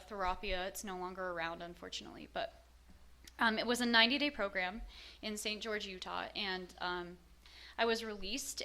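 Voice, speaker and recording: A woman's voice: medium pitch, bright, forceful tone. A woman telling her own story in a frank, self-mocking way, with lots of fillers. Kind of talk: candid personal storytelling.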